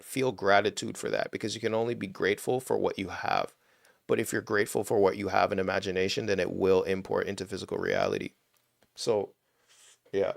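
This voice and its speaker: A man's voice: lowish voice, creaky, no room sound, studio quality. A young man hosting a live stream on spirituality and money, explaining casually and bluntly with lots of "right?" tags and the odd swear word.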